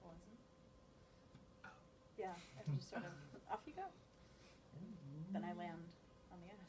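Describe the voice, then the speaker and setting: A woman's voice: on the low side, a little slow, noisy background. A woman flute student in a masterclass, giggling and answering her teacher briefly. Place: recital room with an audience.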